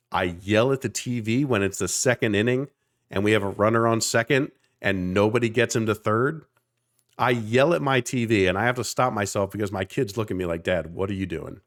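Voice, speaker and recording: Podcast co-host, man in his thirties from South Jersey, lowish voice, passionate rambling chat. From South Jersey, near Philadelphia. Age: 30s. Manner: passionate, rambling, swearing for emphasis. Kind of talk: casual chat.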